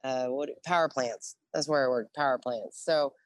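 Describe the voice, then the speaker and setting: A woman's voice: extremely low pitch, normal speed, no room sound, studio quality. A woman in her forties, a Navy veteran, telling stories in a casual interview, profane and laughing often. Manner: lively, profane, laughs often, acts out dialogue.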